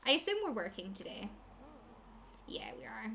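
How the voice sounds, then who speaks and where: A woman's voice: on the high side, sing-song, moderate pace, gravelly, sharp tone, a little hiss or hum. A woman giving casual commentary while playing a life-simulation game, chatting to her characters and laughing often. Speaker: gaming channel host.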